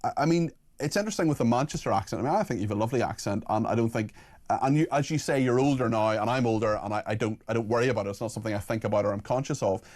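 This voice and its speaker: A man hosting a radio phone-in, talking quickly with frequent restarts. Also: medium pitch, darkish tone. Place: radio studio.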